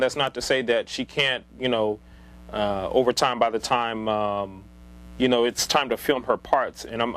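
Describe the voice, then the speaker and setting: A man chats off the cuff about movie casting in a relaxed vlog. He rambles, pausing often on ums and uhs and restarting his sentences. His voice sits in an ordinary middle pitch. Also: low-quality recording. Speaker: movie commentator. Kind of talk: casual unscripted opinion vlog.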